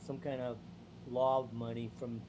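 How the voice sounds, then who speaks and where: A man on a panel telling a casual anecdote in a rambling, halting way. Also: mid-range voice, flat delivery, noisy background.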